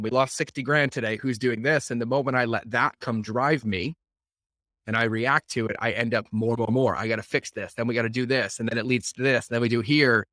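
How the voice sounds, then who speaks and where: A man's voice: medium pitch, bright, forceful tone, no room sound, clean studio sound. A man hosting a casual podcast conversation, talking energetically and repeating words for emphasis. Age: adult, working professional. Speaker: podcast host.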